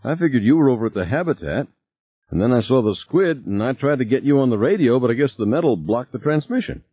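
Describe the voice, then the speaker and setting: A man's voice: expressive, fast talker, husky, no echo. A man voicing an anxious, placating man who coaxes and soothes, in a slightly raised voice, on a slightly dull recording. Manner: soothing, coaxing, somewhat higher voice. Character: middle-aged man, anxious, placating, suspicious.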